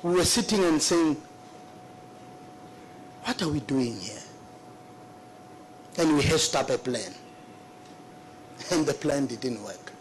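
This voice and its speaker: A man's voice: a little high, expressive, noisy background. Remorseful man testifying. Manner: earnest, remorseful, halting with repetitions. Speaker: witness at a public hearing. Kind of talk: formal testimony.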